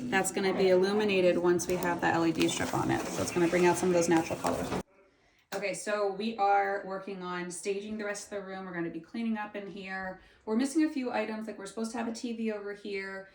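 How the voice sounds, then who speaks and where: Young woman, interior designer, chatty vlog talk, average pitch, faint background noise. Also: steady tone, quick pace. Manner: chatty, upbeat, loose with fillers. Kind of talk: casual vlog narration. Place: house under renovation, indoors.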